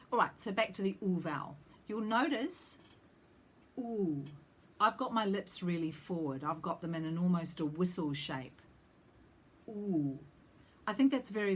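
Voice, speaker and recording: A woman singing teacher explaining vowel shapes, breaking off to sing short demonstration vowels. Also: on the low side. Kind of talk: vocal lesson with sung demonstrations.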